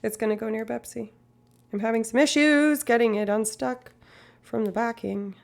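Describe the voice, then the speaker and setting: A woman's voice: fairly high pitch, moderate pace, gravelly. A woman streamer in rambling, casual live-stream chat, swearing now and then.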